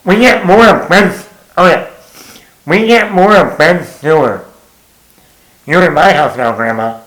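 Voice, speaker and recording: A man reviews a film in a blunt, exasperated way and swears freely. His voice sits a little high for a man, and he talks slowly and unhurriedly. The room around him is noticeably echoey. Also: expressive, fairly bright tone. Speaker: movie reviewer. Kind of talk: casual spoken film review.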